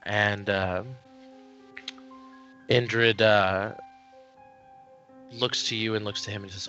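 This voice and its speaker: Casting: unhurried male game master, bright tone, halting narration. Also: lowish voice, fairly even intonation, soft background music. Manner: slow, hesitant narration with many fillers.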